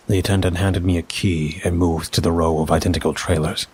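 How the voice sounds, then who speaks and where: Brief: deep-voiced male narrator for a dark story, husky and measured. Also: little pitch movement. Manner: measured, first-person storytelling.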